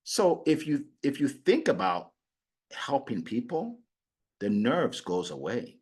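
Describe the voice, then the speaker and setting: A middle-aged man coaching on sales, talking in an animated way and acting out his prospects. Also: medium pitch, slow pace, husky. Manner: animated, acts out clients and prospects in quoted voices. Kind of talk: motivational sales talk.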